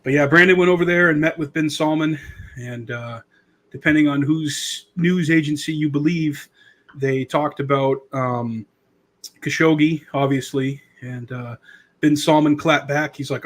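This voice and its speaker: The voice belongs to a man in his thirties, on the high side and a bit bright, holding a steady tone at normal speed. Hosting his podcast, he wanders through casual political commentary, sarcastic throughout and doing mocking impressions.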